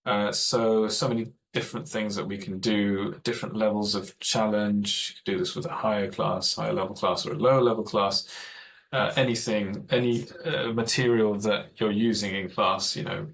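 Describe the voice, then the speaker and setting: A man with a fairly low voice talks teachers through classroom techniques on a video call. He explains carefully and often stops to rephrase himself. A faint hiss sits under his computer mic. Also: steady tone, moderate pace, vocal fry, fairly bright tone, poor audio. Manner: thoughtful, explanatory, with frequent self-corrections. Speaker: teacher trainer. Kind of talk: online training presentation.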